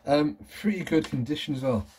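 With a slightly high, somewhat mellow voice and a brisk pace, a man in his thirties chats about his collectibles at home against slight background noise. The collector vlogger's show-and-tell is casual, rambling, enthusiastic, and nostalgic.

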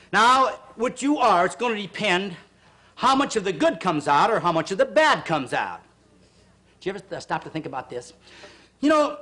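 A man's voice: sits high, fairly bright tone. A man hosting a televised exercise class, counting reps, urging viewers on, and breaking into earnest, preachy pep talks. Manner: earnest, preachy heart-to-heart asides. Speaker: fitness show host.

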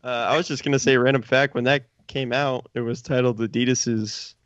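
A man's voice: mid-range voice, a little fast, dry recording, dull audio. A man co-hosting a podcast, talking eagerly in slang. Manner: eager, slangy, excited about tricks. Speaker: podcast co-host. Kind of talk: casual chat.

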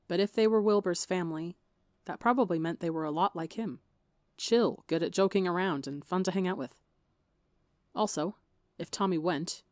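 A woman with a slightly gravelly voice, narrating a fan fiction story in a steady audiobook reading. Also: fairly low pitch, no echo, clean studio sound. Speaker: podcast fiction reader.

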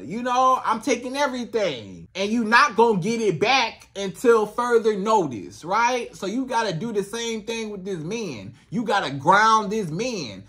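A man's voice: sits high, bright, forceful tone. A man coaching on relationships in a casual, emphatic monologue straight to the viewer, repeating his points. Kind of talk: direct-to-camera advice monologue.

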